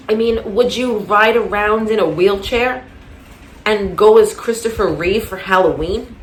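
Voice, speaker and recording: A woman's voice: medium pitch, a little slow, echoey room, slight background noise. A woman talking through a casual commentary monologue, rambling with many restarts and getting heated. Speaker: commentary vlogger.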